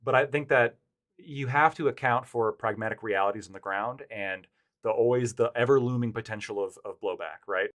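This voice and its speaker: A man's voice: mid-range voice, normal speed, fairly bright tone. A man as a podcast guest, discussing politics in a reasoned way with frequent stammering restarts. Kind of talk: casual political chat.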